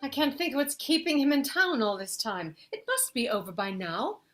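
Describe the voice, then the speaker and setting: A woman's voice: high-pitched, very animated, normal speed, fairly bright tone, faint music behind. A woman playing an anxious aristocratic estate owner, emotional and pleading. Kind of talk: stage play acting.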